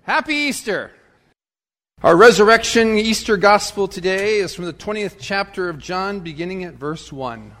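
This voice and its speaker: A man preaching as pastor, reading and praying with a measured, emphatic delivery that swells and falls. His voice sits high for a man. Long church reverb trails after each phrase. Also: fairly bright tone. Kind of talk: sermon with gospel reading and prayer.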